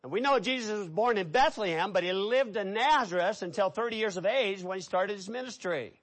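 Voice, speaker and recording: A middle-aged man preaching a sermon, telling stories with lively, animated delivery. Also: high voice, fairly quick. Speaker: pastor.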